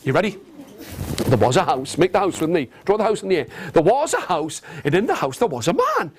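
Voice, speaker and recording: A man telling an interactive story to nursery children in a classroom, animated and coaxing, getting them to copy his gestures. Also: high voice, brisk, a little hiss or hum. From England. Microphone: video camera. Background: guitar.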